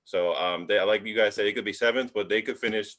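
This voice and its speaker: Man with a very deep voice. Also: fast. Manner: relaxed, filler-heavy. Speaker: podcast co-host. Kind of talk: casual sports chat.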